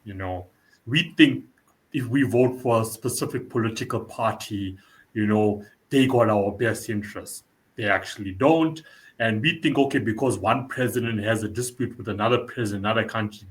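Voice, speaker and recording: Chatty man host, repeating points. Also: on the low side. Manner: conversational, leans on "you know" and repetition. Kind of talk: casual interview conversation.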